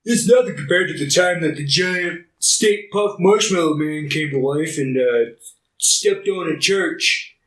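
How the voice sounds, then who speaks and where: A man's voice: on the high side, unhurried. A man co-hosting a podcast, chatting casually about movies with profane, sarcastic banter. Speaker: podcast co-host. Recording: echoey room.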